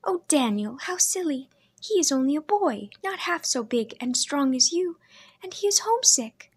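A timid young woman with a soft, wondering, childlike way of asking things, played by a woman reading aloud. The voice sits high and lifts at the end of each question. It sounds like a storybook audiobook. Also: sing-song, normal speed, no echo, studio quality. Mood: pleading. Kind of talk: audiobook character voice.

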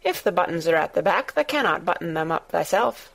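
A woman's voice: fairly low pitch, very animated, fairly quick, creaky, exaggerated voice. A woman doing a blunt young Yorkshire housemaid. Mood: matter-of-fact. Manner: blunt, homely dialect with thee and thou. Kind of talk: audiobook character voice.

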